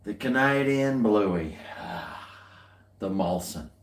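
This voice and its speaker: Slow, low-voiced Australian man, rambling. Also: animated, echoey room. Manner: rambling, dry, muttered asides. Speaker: beer-tasting vlogger. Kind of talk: casual chat while tasting beer.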